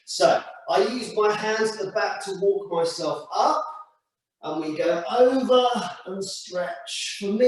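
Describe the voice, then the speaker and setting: A man leading a stretching class with slow, calm step-by-step cues. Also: high-pitched. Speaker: stretching instructor. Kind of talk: guided exercise class. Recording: echoey room, mic far off.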